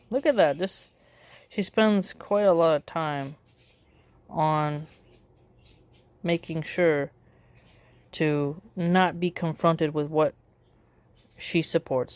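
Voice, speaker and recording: A woman's voice: low voice, a little mellow, no room sound. A woman giving casual spoken commentary in a sarcastic way, full of rhetorical questions. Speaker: political commentator.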